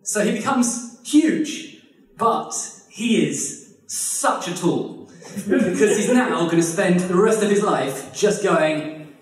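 A man telling a comic history story live, animated and exaggerated, with casual swearing. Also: high voice, slow pace. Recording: echoey room, distant mic.

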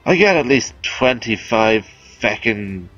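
A man's voice: fairly low pitch, animated, slow pace, a bit bright, slightly rough, dry recording, muffled recording, soft background music. A man giving casual, chatty, self-amused commentary over a video game as he explains weapons. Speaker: game guide host.

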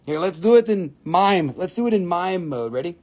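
A man hosting a live sales stream, running through prices in an excitable, joking way. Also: sits high, moderate pace. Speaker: host selling minerals on a live stream.

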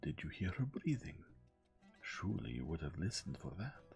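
A man reading gently, voicing a shrewd older male detective who speaks in a measured, formal way. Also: low-pitched, big pitch swings, gravelly, lo-fi sound, soft background music, heavily acted. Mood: probing.

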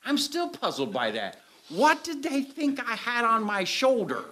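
Male preacher, lively storyteller, bright and tense tone, wide-ranging pitch, acts out the scenes. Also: measured pace. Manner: animated storyteller acting out scenes. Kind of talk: storytelling sermon. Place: church sanctuary with audience. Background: audience laughter.

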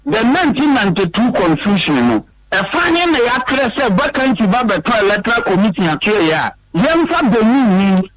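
A man's voice: high-pitched, sing-song, normal speed, few pauses, fairly bright tone, no echo, poor audio. A man with a Ghanaian accent, a regional party chairman, giving heated interview answers, emphatic and repeating himself, stammering when worked up.

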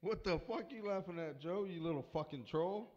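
A man's voice: sits high, brisk, a little mellow, slight background noise. Crude trash-talking man roasting a friend. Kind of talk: profane improvised roast. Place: pub with guests. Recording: echoey, dull-sounding hall recording.

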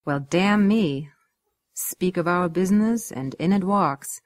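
A woman voicing a portly middle-aged English gentleman who talks slowly, loudly and with bluster. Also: on the low side, no echo, studio quality. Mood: gruff.

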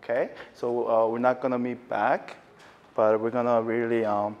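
A man giving a casual preaching lecture, telling stories with many fillers and getting loud and excited at times. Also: normal speed, in a large hall, lo-fi sound. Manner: animated storytelling, many fillers, voice jumping high and loud when excited. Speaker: lecturer at a ministry training.

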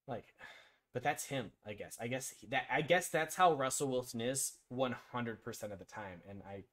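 A man with a medium-pitched, fairly bright voice chats loosely on a live stream about sports picks. He talks to chat viewers by name, gives blunt and somewhat profane takes, and often says um or starts over.

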